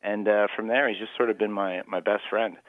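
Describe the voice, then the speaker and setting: Radio guest on a phone line: a low-voiced man, earnest and rambling. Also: steady tone, brisk, dry recording. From Canada. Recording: dry, tinny phone line.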